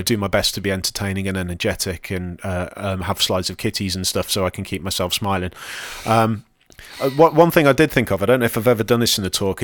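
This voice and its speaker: A man's voice: lowish voice, a bit bright, dry recording. A man co-hosting a podcast, chatting casually and rambling with plenty of ums and self-deprecating asides. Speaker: podcast co-host and conference speaker.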